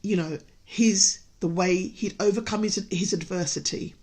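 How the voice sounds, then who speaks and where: A hypnotherapist delivers an earnest motivational broadcast in a slightly slow, somewhat mellow, lowish female voice. She is emotional and close to tears, frequently stumbling and starting her sentences over.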